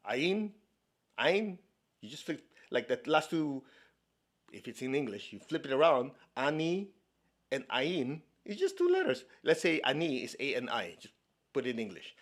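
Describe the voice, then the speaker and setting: Man, meditation teacher, from China, conversational spiritual talk, lively swings in pitch, playful asides, checks in with listeners. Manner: laughs often, playful asides.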